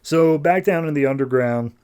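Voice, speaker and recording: A man's voice: fairly high pitch, normal speed, darkish tone, clean tone. A man hosting a podcast, recapping a story in a loose, rambling way. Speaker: podcast host. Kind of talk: casual comic recap.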